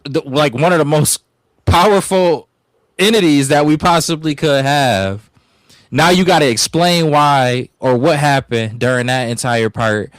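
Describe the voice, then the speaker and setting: A man's voice: medium pitch, dry recording. A man co-hosting a casual podcast, giving blunt opinions in informal slang. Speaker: podcast co-host.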